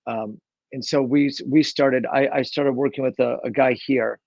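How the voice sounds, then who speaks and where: A man's voice: mid-range voice, steady tone, measured pace, vocal fry, darkish tone, no echo, highs cut off. A man telling his story as an interview guest, rambling along with lots of fillers and restarts. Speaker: guest, real estate investor. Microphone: own microphone.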